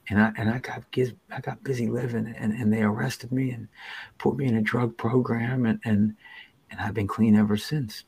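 A man telling his own recovery story as a podcast guest, earnest and halting, with many restarts and dips to near whispers. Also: medium pitch, steady tone, creaky, darkish tone, husky. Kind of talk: personal storytelling in an interview.

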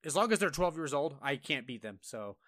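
A man's voice: fairly high pitch, sing-song, fairly quick, a bit bright, dry recording, clean studio sound. A man co-hosting a casual gaming podcast, telling stories animatedly, acting out voices in quotes and laughing often. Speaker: podcast co-host.

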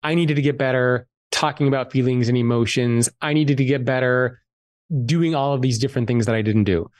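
A man guest on a podcast, telling a personal story in a candid, animated way and swearing freely. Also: medium pitch, a little fast, no echo. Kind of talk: casual storytelling interview.

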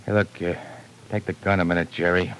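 A man playing a gruff, brutal gangster who talks in clipped tough-guy slang, in 1940s radio acting. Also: low-pitched, steady tone, a little fast, fairly bright tone, slight background noise, low-quality recording. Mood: menacing. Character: gruff brutal male gangster, hired killer.

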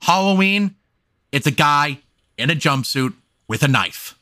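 A man's voice: a little high, animated, unhurried, bright, forceful tone, no room sound. A man hosting a casual movie podcast, talking emphatically and swearing freely into a close mic. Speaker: podcast host. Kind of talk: casual film discussion.

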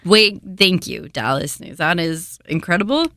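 A young woman co-hosting a podcast in casual chat, tossing in wry, quick asides. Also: on the low side, expressive, pushed and bright, dry recording, studio quality. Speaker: podcast co-host.

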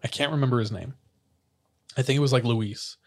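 A young man chatting casually on a podcast, telling an animated story, acting out quotes and laughing often. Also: mid-range voice, fairly quick.

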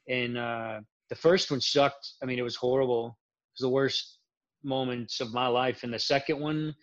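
Middle-aged man, frank and rambling. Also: mid-range voice. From Central Florida. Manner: rambling, self-correcting, frank. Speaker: military veteran guest. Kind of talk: casual interview talk. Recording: slightly dull lo-fi audio.

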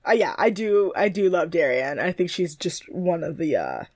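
A young woman co-hosting a podcast, chatting casually and quick to laugh while recapping a reality show. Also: fairly low pitch, big pitch swings, a little mellow, no echo. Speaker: podcast co-host.

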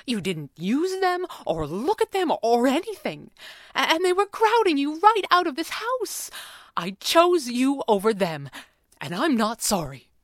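A woman's voice: on the high side, big pitch swings, a little slow, dry recording, studio quality, pitched above the performer's own voice. A woman voicing an upset mother who quavers as she tries to hold back tears. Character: tearful mother defending her choice.

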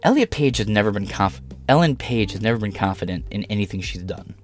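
A man's voice: on the low side, animated, fairly quick, soft background music. A man from Canada, hosting a podcast and ranting bluntly with lots of swearing. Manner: profane, blunt, heated. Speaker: podcast host. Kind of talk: ranting commentary.

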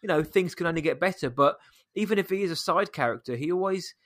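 A man in a casual film review chat, measured and critical in his opinions. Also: fairly high pitch, a bit bright.

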